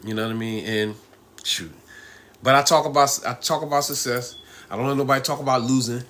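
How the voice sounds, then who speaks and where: Middle-aged man, bright rambling live-stream talk. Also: medium pitch, steady tone, a little fast. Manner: loose, rambling, laughs often, frequent "you know what I mean".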